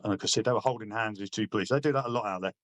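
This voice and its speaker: Blunt sweary veteran, low voice. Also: male voice, fairly bright tone, no room sound, muffled recording. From Britain. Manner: blunt, sweary, halting with restarts. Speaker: army veteran guest. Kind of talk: casual interview storytelling.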